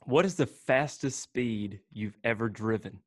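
A man hosting a casual church interview, asking rapid-fire questions with a joking manner and frequent laughs. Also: mid-range voice, no room sound. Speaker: church podcast host.

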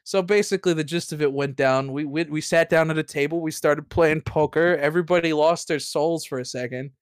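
A man's voice: fairly high pitch, a little fast, clear, resonant tone, no echo, studio quality. A man casually recapping a tabletop game session, rambling and profane, full of restarts and laughter. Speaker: player recapping last session.

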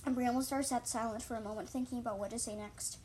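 Woman narrator, fairly high voice, halting read-aloud with many restarts. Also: steady tone, darkish tone, slight background noise. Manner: stumbling, repeats and corrects words. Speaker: reader of her own story. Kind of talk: storybook reading.

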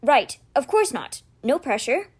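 A woman's voice: high voice, sing-song, measured pace, slightly rough, exaggerated voice. A woman voicing an anxious, earnest teenage boy who speaks in nervous, eager bursts.

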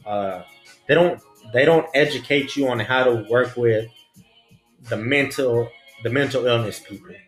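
A former prison officer with a medium-pitched voice tells a story at a measured pace, using casual, blunt, profane street slang. The recording has a roomy echo and faint music.

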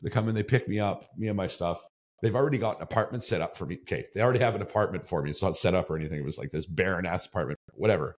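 A man's voice: deep voice, racing. A male podcast host telling a story in casual chat, rambling and swearing freely, tagging his sentences with "right?". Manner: rambling, profane, tags lines with "right?".

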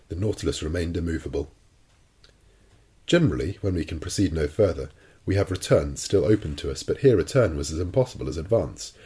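A man narrating a classic adventure novel as an audiobook in a measured, deliberate way. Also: deep voice, dark tone, husky.

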